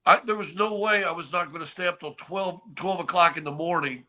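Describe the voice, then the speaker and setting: An older man co-hosting a casual sports talk show, telling stories in an animated way and often repeating his words as he starts a sentence. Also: sits high, fairly quick. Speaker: co-host.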